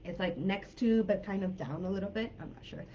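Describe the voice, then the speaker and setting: An American woman from California teaches a live online English class, chatty and informal, with plenty of fillers and hedges. Her voice is medium-pitched, a little fast and dark-toned. The audio is dull, with a slight hiss or hum.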